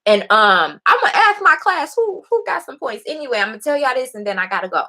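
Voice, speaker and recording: A young woman with a fairly high voice talks straight to her audience as host. She sounds impassioned and preachy, and she swears freely as she drives her point home. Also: big pitch swings, brisk, pushed and bright. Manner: impassioned, preachy, blunt and profane. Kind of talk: casual motivational talk to a live audience.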